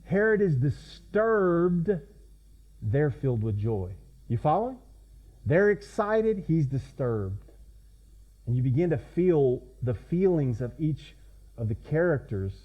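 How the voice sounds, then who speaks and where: Male pastor, conversational sermon delivery, fairly high voice, dull lo-fi sound. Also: sing-song, takes it slowly. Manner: conversational, asks the congregation questions.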